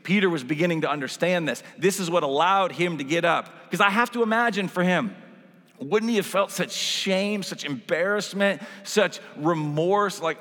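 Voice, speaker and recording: Man, pastor, conversational sermon, fairly high voice, long hall reverb. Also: normal speed, fairly bright tone. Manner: casual, conversational preaching with many "like"s.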